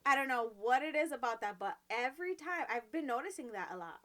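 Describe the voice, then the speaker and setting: A woman with a high, bright voice co-hosts a casual podcast chat. She tells animated stories and breaks into laughter often. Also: fairly quick. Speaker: podcast co-host.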